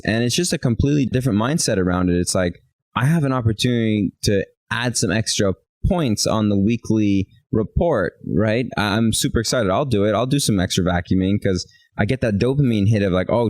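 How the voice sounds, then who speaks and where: A man's voice: on the low side, a little mellow, no room sound, poor audio. A man co-hosting a relationship talk show, telling stories animatedly and acting out bits of quoted dialogue. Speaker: podcast co-host. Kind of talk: casual chat.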